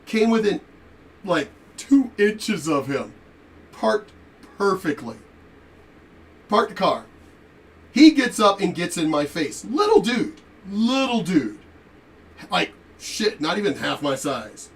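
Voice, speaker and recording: High-voiced man ranting, far from mic. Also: slow pace, long pauses. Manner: animated, profane, laughing asides. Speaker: reaction video commentator. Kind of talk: profane storytelling rant.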